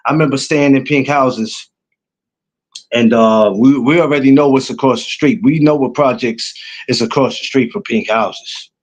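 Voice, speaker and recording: A man's voice: mid-range voice, moderate pace. A man from New York with a New York accent, chatting casually as a guest and telling stories in loose street slang. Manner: laid-back street slang, storytelling with repeated asides. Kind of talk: casual chat.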